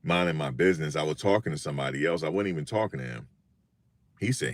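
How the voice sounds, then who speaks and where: An older man telling funny stories in a casual, animated monologue, often repeating himself. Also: very deep voice, fast talker, no room sound. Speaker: vlogger.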